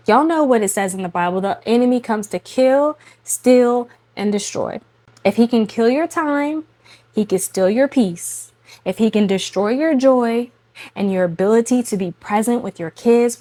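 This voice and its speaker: A young adult woman, a mother, speaking casually to camera about faith and home life in a chatty, animated way, often laughing and addressing women viewers directly. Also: mid-range voice. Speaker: faith and lifestyle vlogger, mother.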